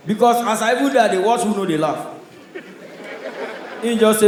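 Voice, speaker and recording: A Nigerian man delivers stand-up comedy on stage, his voice sitting high and carrying loudly through the room. His stories come in punchy bursts, and a strong hall echo surrounds every line. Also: fairly quick, a faint crowd, slight background noise. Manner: loud, punchy storytelling with audience laughter. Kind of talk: stand-up comedy in Pidgin English. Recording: echoey live hall sound.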